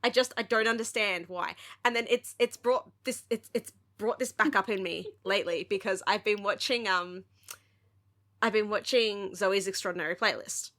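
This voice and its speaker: A woman, co-hosting a podcast and chatting casually in an animated, sweary rant full of "like". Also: mid-range voice, normal speed. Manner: animated, sweary ranting with lots of "like". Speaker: podcast co-host. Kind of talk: casual chat.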